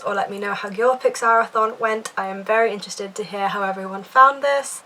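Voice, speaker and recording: A woman's voice: on the high side, a bit bright, slight background noise. Gushing woman book vlogger. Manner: gushing, chatty, repeats words for emphasis. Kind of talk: casual reading vlog.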